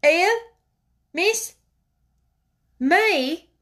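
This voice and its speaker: A woman voicing a frightened, humble young servant girl, stammering and pleading in a high, breathy voice. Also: expressive, very slow, a bit bright, heavily acted. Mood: awed disbelief. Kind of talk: audiobook character voice.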